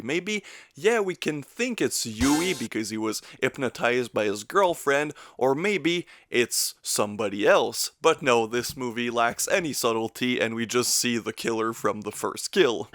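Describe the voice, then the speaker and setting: A man's voice: medium pitch, a bit bright. A man narrating a casual, joking movie review in a sardonic tone. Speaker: film reviewer.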